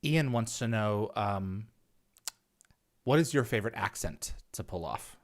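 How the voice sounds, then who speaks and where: A man's voice: fairly low pitch, a little slow. A man hosting an interview, reading out viewer questions and chatting casually with his guest. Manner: relaxed, reads out viewer questions. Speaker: interview host.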